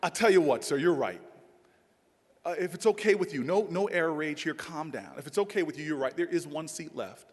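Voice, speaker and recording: A man's voice: fairly high pitch, expressive, fairly quick, pitched below the performer's own voice. A man voicing a flustered female airline gate agent who pleads and placates. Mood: placating. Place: large dinner hall. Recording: long hall reverb, faint noise.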